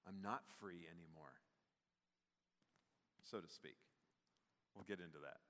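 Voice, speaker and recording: A man's voice: low voice, unhurried, fairly bright tone. A man preaching a sermon as pastor, conversational with many fillers, building to emphatic peaks. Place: church sanctuary. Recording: long hall reverb, church sanctuary.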